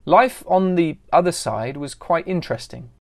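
A man telling a first-person animated story in scripted narration. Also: fairly high pitch, moderate pace, creaky.

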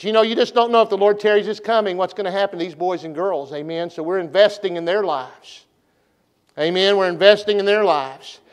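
This middle-aged man is a pastor preaching at a church revival meeting, his voice fairly high-pitched and smooth. Folksy and repetitive, he draws the congregation into call-and-response, a revival sermon set in the sanctuary.

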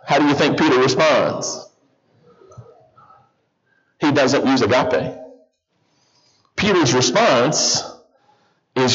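A man's voice: mid-range voice, takes it slowly, long pauses. A man preaching a sermon as guest pastor in a church, constantly putting questions to the congregation. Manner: animated, keeps questioning the congregation. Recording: slightly dull church recording with audible congregation.

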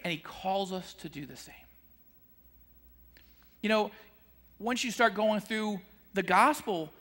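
A Christian speaker teaches scripture slowly in a large hall, keeping his sermon conversational and chuckling between points. With animated delivery, he acts out the disciples' complaints using a jump in pitch.

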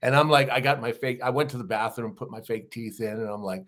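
Middle-aged male guest, mid-pitched, spins animated anecdotes. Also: fast. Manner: animated anecdotes with acted-out quotes and laughs. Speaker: guest, actor and former wrestler. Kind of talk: casual storytelling interview.

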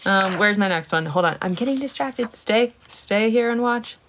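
A woman's voice: medium pitch, animated, normal speed, fairly bright tone, a little hiss or hum. A woman chatting casually on a livestream, greeting viewers by name and swearing freely while she shows off her coloring pages.

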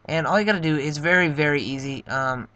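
A man's voice: on the high side, fast, pushed and bright, no room sound. A young man giving casual, rambling, upbeat commentary over a game playthrough. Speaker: let's play narrator.

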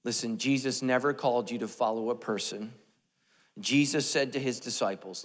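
A man's voice: medium pitch, steady tone, normal speed. A man preaching a sermon as pastor, in a humorous, self-deprecating, conversational way. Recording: echoey church hall.

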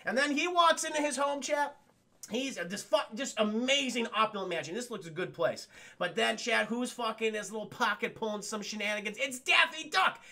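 A man's voice: high voice, expressive, brisk, pushed and bright. A man streaming a casual film recap, rambling and swearing while constantly addressing his chat.

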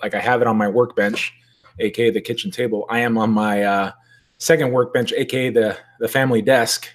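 A man's voice: fairly low pitch, fairly even intonation, brisk. A man chatting casually on a live stream at his desk at home, joking and greeting viewers in the chat. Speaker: toy collector hosting a live stream.

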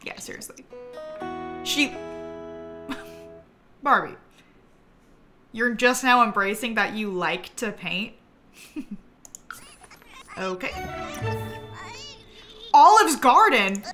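A woman's voice: fairly high pitch, expressive, extremely slow, long pauses, music in the background. A young woman streaming a life-simulation game, chatting casually, giggling and talking to the characters on screen. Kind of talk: casual gameplay commentary.

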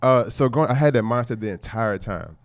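A man, a podcast guest telling his story in animated, casual chat with quick asides. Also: mid-range voice, no echo, studio quality. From Port Arthur, Texas, USA. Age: 30s. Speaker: podcast guest, fitness entrepreneur.

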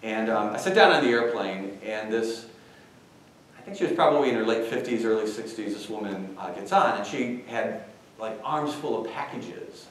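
A man giving a university talk, telling an anecdote with animated delivery and questions tossed to the audience. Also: fairly low pitch, moderate pace, a little hiss or hum. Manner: animated storytelling, quizzes the audience. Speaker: guest speaker. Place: large lecture hall. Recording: echoey hall, far from mic.

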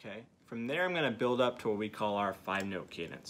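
A man's voice: on the low side, animated, fast, hardly any pauses, fairly bright tone. A man teaching beginners to use a duck call, coaching step by step with frequent "okay" check-ins. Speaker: duck calling instructor. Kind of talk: hands-on teaching demonstration.

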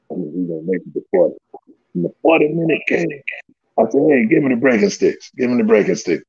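A man tells a story with big swings in pitch, acting out every quote. His voice is gravelly and husky. The recording sounds dull and lo-fi. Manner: animated, laughing, swearing, acts out quotes. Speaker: storyteller guest. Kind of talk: casual storytelling.

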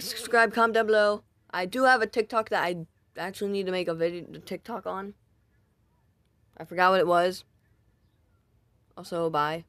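A YouTuber's medium-pitched voice comes across pushed and bright as they read out viewer comments, recorded dry at home with no room sound. They ramble, react out loud and keep making fun of themselves.

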